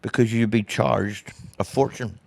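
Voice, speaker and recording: A man's voice: fairly low pitch, measured pace, creaky, no room sound. A man with a Northern Irish accent, a guest comedian telling stories in a casual interview and acting out other people's voices. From Northern Ireland. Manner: animated storyteller who acts out other people's voices.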